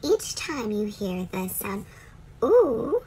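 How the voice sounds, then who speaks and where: Bubbly lady teacher doing a kids phonics lesson, slightly high voice, bouncing all over, takes it slow. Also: big pitch swings, slight background noise. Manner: cheerful, stretches out letter sounds for young learners. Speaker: reading teacher.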